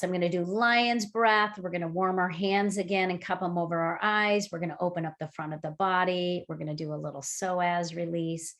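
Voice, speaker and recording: Over a video call, a woman with a fairly low voice runs a mindfulness workshop. She leads breathing and movement exercises in a lively, chatty manner, dropping in plenty of fillers.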